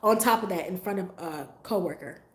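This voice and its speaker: Profane, animated woman telling a story. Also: fairly low pitch, a little fast. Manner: animated, profane, acts out her own reactions; talks straight to her viewers with frequent asides. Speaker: livestream host telling a story. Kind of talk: casual storytime monologue. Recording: roomy echo.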